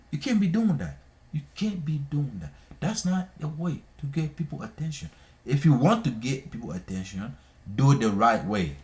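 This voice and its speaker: A man's voice: mid-range voice, a little mellow. A man hosting a live stream, scolding people in an impassioned monologue, repeating himself and hammering his points. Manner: scolding, repetitive, emphatic.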